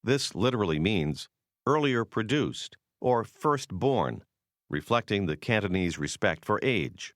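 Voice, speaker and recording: A man with a very low voice narrates a language lesson in a measured, explanatory way. His pitch moves a lot as he explains, and the recording is dry and close. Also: expressive, a bit bright, dry recording. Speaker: course narrator. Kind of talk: scripted language-course narration.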